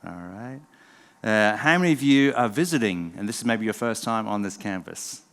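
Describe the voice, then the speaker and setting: A middle-aged former pastor from England, whose English accent is softened by a southern drawl, gives a relaxed, self-deprecating talk to a live audience. His lowish voice moves at a moderate pace, with long reverb from the church event hall.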